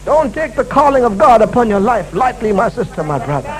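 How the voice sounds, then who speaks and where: A male preacher delivers a sermon in a church service, hammering his points through repetition. His voice sits very high and swings widely, rising and falling with each emphatic phrase. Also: very animated, brisk, a little hiss or hum, poor audio. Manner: emphatic and repetitive, restating key lines.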